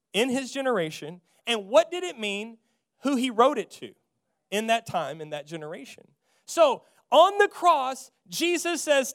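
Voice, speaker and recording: A man preaches a sermon. He hammers on key phrases, saying them again and again, and draws amens from the congregation. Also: sits high. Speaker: pastor.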